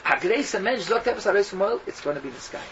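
A man's voice: high-pitched, lively intonation, fast talker, highs cut off, crowd noise. A man, a rabbi, giving a Talmud lecture full of Yiddish and Hebrew terms, acting out the characters' questions as he tells the story. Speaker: rabbi teaching a class.

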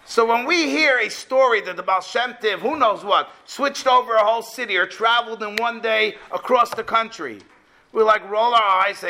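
A high-pitched man gives a storytelling religious lesson, animatedly retelling a tale before pressing its moral home. His voice is bright and forceful. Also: moderate pace. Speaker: religious teacher.

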